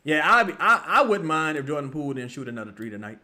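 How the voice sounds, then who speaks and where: Young male streamer, bright cutting voice, a touch high, excitable, foul-mouthed fan commentary. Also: quick pace. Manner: excitable, profane, bursts into yelling at the players. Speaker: streamer watching a basketball game live. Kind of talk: live fan watch-along commentary.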